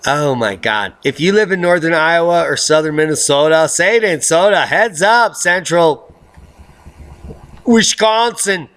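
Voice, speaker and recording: A middle-aged man hosting a video blog, rambling through weather news with jokes, rhymes and theatrical swings into high baby talk. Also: expressive, normal speed, a bit bright. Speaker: video blogger host. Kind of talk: rambling weather commentary vlog.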